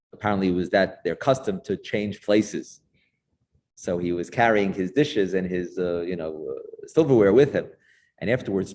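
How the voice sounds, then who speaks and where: A man's voice: low voice, darkish tone, slight background noise. A middle-aged man with a New York accent giving an informal class as a rabbi, chatty and storytelling, with frequent restarts.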